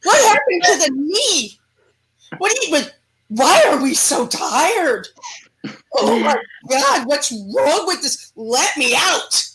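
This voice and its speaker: A woman's voice: sits high, very animated, slow, a bit bright, full character voice, rough recording. A woman doing a whiny, complaining demon. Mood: whining. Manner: complaining, exasperated, groaning. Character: whiny demon trapped in an aching human body.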